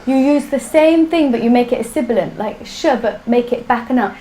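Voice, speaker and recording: A woman's voice: sits high, fairly quick, dark tone, slight background noise, low-quality recording. A woman teaching a live online language class, drilling sounds patiently for students to repeat. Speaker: Sanskrit teacher.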